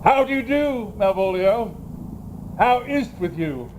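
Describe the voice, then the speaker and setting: A man's voice: sits high, animated, takes it slowly, darkish tone, slight background noise. A man playing a jovial, scheming knight in an outdoor stage play, laughing as he plots. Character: jovial drunken knight Sir Toby. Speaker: community theatre actor.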